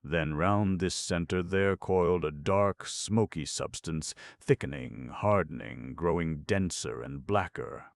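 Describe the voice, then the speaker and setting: Very deep, gravelly male narrator. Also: dry recording, studio quality. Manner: measured, dramatic reading. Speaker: audiobook narrator. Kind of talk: scripted narration of a ghost story.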